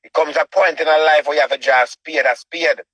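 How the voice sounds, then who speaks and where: A man with a Jamaican accent delivers a preachy rant. He repeats himself and keeps asking rhetorical questions. His voice sits a little high and sounds husky, with a sharp, forceful edge in a dry, close setting. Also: steady tone, a little fast, no echo, low-quality recording. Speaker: online show host. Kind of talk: ranting commentary.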